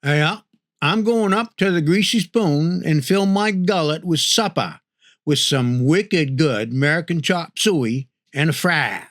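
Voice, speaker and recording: A folksy rural Maine local man, as a narrator puts him on, his thick accent stretched into a slow, drawn-out drawl. The voice sits a touch higher than most men's. It is recorded close and dry, with no room sound around it. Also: lively intonation, a bit bright, no room sound.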